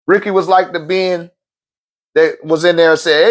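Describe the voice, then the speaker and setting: High-pitched, emphatic, profane male speaker. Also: fairly even intonation, normal speed. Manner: profane, emphatic, laughs often; repeats words while restarting phrases. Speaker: spiritual teacher and event host. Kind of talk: casual motivational talk.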